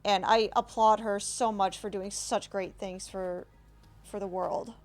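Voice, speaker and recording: A woman streamer giving reaction commentary, halting and emotional, with many restarts and apologies. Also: medium pitch, fairly even intonation, soft background music.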